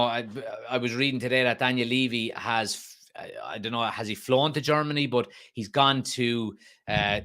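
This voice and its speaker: A man's voice: mid-range voice, bright, forceful tone. An Irish man hosting a live fan stream, chatting casually, restarting sentences and bursting into emphatic complaints. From Ireland. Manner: conversational, frequent restarts and fillers, emphatic outbursts. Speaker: fan channel host. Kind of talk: live-stream fan chat reading comments.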